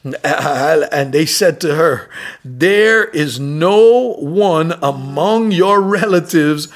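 A man preaching a fervent sermon as pastor, calling out for responses and dropping from loud calls to soft whispers. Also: on the high side, lively intonation, extremely slow.

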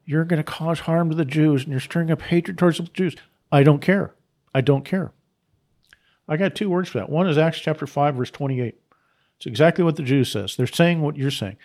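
Preacher, male, slightly high-pitched, emphatic off-the-cuff preaching that hammers on repeated lines. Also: normal speed, a little mellow. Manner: emphatic, repeats key phrases; unscripted, with restarts and asides. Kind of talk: preaching on scripture.

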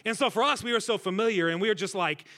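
Guest preacher, man, bright forceful tone, slightly high voice, jokes with the room. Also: fast. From Centralia, Illinois. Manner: energetic, joking, talks with the crowd. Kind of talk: sermon. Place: church stage before a congregation.

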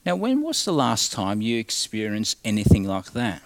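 A man preaching a sermon as pastor, swinging from loud emphasis to hushed, quiet tones. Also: on the low side, wildly swooping pitch, moderate pace, hardly any pauses, no room sound.

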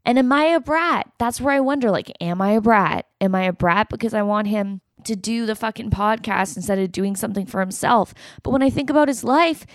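A woman's voice: fairly high pitch, no echo. A woman hosting a podcast, venting on her own with frequent swearing and quoted asides. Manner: venting, swearing, quoting others in quick asides. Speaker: podcast host. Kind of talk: frustrated solo recording after a call.

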